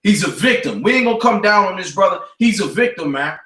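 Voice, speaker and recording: Male radio host, preacher-style, slangy, repetitive, high bright voice in an echoey room. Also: expressive, fast, recorded from a distance. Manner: forceful, repetitive, street slang, scriptural. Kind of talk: preaching talk radio commentary.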